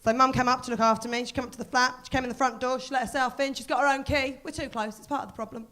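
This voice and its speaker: A woman from Portsmouth, England, does a self-deprecating stand-up set at a live comedy venue, telling quick stories at her own expense. Her voice is high and bright, with a steady, forceful tone.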